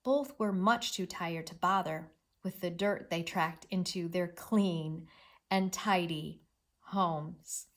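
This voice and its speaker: A woman teacher giving an expressive, encouraging read-aloud reading lesson with lots of emphasis. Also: fairly low pitch, unhurried.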